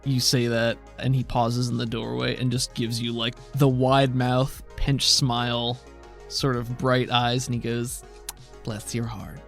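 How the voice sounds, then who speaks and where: A man's voice: mid-range voice, completely flat delivery, measured pace, gravelly, faint music behind. A man narrating as game master in a tabletop game, with playful, descriptive banter.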